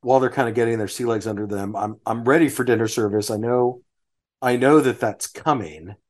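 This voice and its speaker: Man hosting a food podcast, unhurried. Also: medium pitch. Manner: relaxed, restarts phrases while listing dishes. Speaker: podcast host. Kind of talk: casual chat.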